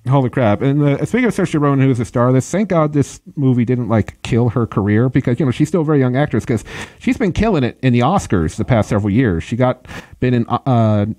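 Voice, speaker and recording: A man's voice: mid-range voice, expressive, fast talker, a little mellow. A man hosting a casual movie-review chat, laughing often and looking things up as he talks. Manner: laughs often, looks things up mid-talk. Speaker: podcast host.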